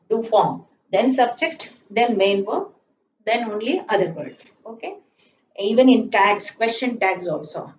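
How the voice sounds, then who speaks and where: A woman teaching grammar from a chalkboard, slowly repeating her examples and checking in with "isn't it?". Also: medium pitch, distant mic, a little hiss or hum. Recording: echoey room, voice off-mic, slightly dull.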